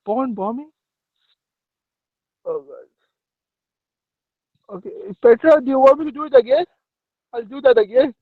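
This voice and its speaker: A man's voice: very high-pitched, measured pace, pauses often, no echo. A man on a video call, talking as a panelist, flustered and stammering with mock indignation. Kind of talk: casual chat on a video call. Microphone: video call microphone. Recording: dull lo-fi call audio.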